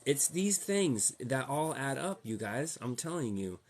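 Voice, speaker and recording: A man speaks at an ordinary middle pitch in a loose, heated monologue to his audience. He talks in slang and swears casually. He keeps repeating himself as he presses his point. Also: sing-song, measured pace. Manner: slangy, profane, heated and repetitive. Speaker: vlogger.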